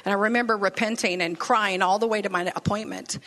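A woman's voice: mid-range voice, fairly quick. A middle-aged woman pastor preaching a sermon in a church, telling stories casually and building to bold declarations. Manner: animated, conversational storytelling with rising declarations. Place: church sanctuary.

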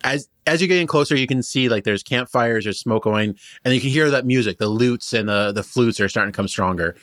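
A man narrates as game master, piling up details in a loose, rambling way. His voice sits at a middle pitch. The recording is dry and close with no room sound. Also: brisk, a bit bright, no echo. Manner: rambling, filler-heavy description.

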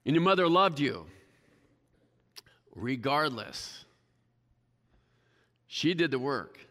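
A man with a fairly high voice preaches to his congregation, chatty and self-deprecating, tossing in "right?" as he goes. His voice rings with a long reverb from a church sanctuary. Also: very animated, takes it slowly, a bit bright. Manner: conversational, keeps asking the congregation "right?". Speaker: pastor. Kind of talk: sermon.

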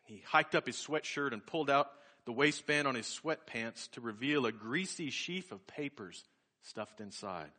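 Bright-voiced man preaching a story. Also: mid-range voice, lively intonation, moderate pace. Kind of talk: sermon storytelling.

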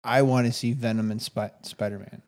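A man's voice: medium pitch, steady tone, fairly quick, a little mellow. A man co-hosting a casual chat, enthusiastic and stammering into restarts often.

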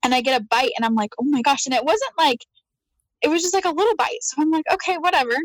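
A woman telling a story in casual chat, animated, laughing often and acting out her own quotes. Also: high-pitched, fast talker, no echo, rough recording. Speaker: guest.

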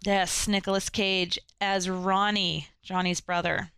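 A woman co-hosting a casual film discussion podcast, retelling the plot in an animated way. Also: mid-range voice, takes it slowly, clear, resonant tone, dry recording. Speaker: podcast co-host.

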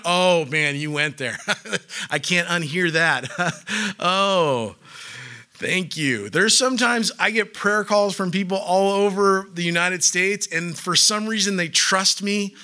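A man's voice: sits high, slow pace. A young pastor preaching in a casual, joking way, acting out little voices to make his points. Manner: animated, joking, acts out voices. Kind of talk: sermon.

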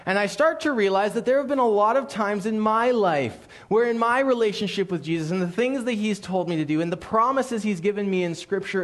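A man preaching to a church congregation, telling a story with playful asides and quick shifts between joking and earnest appeal. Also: high-pitched. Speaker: pastor. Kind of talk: sermon. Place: church sanctuary.

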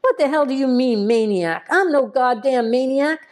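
A woman's voice: sits high, animated, moderate pace, darkish tone, voice pushed up. A woman doing a defiant foul-mouthed boy. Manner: defiant, swearing, whiny. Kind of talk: audio horror story reading.

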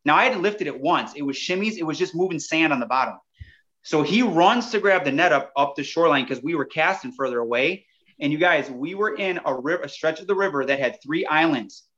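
A man, a podcast guest, telling a story in a casual, animated way and often addressing the listeners directly. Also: on the high side, a little fast, dull audio.

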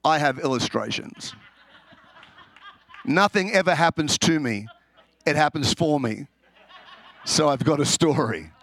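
A man with an Australian accent preaching a humorous sermon, animated and laughing often, restarting his words as he tells stories. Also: on the high side, a little slow, vocal fry, long pauses. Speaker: pastor.

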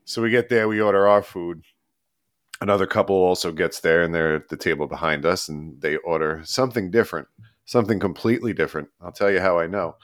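A man co-hosting a podcast, telling a long story in a rambling, animated, casual way with frequent laughs. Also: deep voice, fairly quick, no room sound, clean studio sound. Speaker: podcast co-host.

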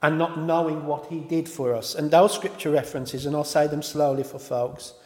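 A man's voice: a little high, steady tone, moderate pace, a little mellow. A man preaching a sermon in an informal way, often stopping to correct himself and apologise. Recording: echoey hall with long reverb.

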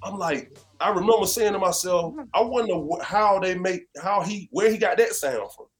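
High-voiced chatty man from North Carolina. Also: moderate pace, faint music behind. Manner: animated, conversational, leans on "you know what I'm saying". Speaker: guest musician. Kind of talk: casual interview chat.

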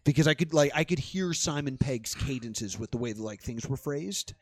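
A man's voice: mid-range voice, moderate pace, no echo. A young man casually chatting about movies as a podcast co-host, acting out his own reactions.

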